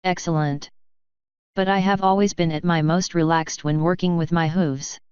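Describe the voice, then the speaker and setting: A formal, measured male changeling in pony disguise, read by a woman in her own lowish voice. The delivery is calm and smooth over a dry, slightly dull recording. It comes from a storybook reading. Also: dry recording, lightly acted. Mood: content.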